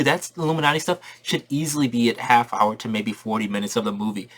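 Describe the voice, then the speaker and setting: Excitable man ranting about a movie. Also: medium pitch, quick pace. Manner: excitable, slangy, repeats himself for emphasis. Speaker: movie reviewer. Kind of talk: casual spoiler review rant.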